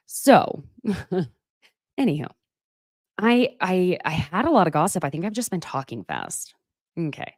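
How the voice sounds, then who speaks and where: A woman in her thirties with a low-pitched voice hosts a casual live gossip chat, chatty and full of pet names and self-mocking asides. The recording is dry and studio quality.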